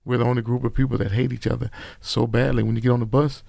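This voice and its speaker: A man's voice: mid-range voice, flat delivery, fast, gravelly, mellow, no echo. A middle-aged man, a podcast guest telling his life story in an emphatic, preachy way. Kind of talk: casual storytelling interview.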